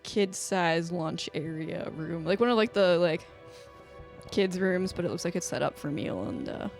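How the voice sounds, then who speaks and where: A woman's voice: lowish voice, expressive, moderate pace, gravelly, darkish tone, soft background music. A woman narrating as game master of a tabletop game, chatty and loose with lots of filler words. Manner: chatty, full of filler words, voices characters in between.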